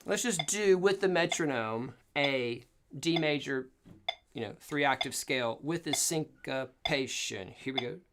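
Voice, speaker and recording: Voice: medium pitch, unhurried, a bit bright, slight background noise. A cello teacher giving an online lesson, coaching step by step and counting in each exercise aloud. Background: cello playing.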